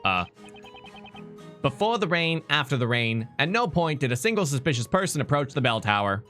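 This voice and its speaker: Animated, playful male streamer. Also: mid-range voice, moderate pace, soft background music. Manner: playful, swings between dialogue and banter. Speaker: game streamer. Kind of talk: live let's-play commentary and reading dialogue.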